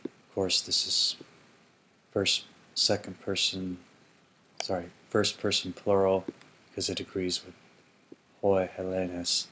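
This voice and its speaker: A man's voice: sits low, little pitch movement, unhurried, pauses often, sharp tone, slight background noise. A man teaching ancient Greek grammar in a casual explanatory lesson, thinking aloud and correcting himself as he goes.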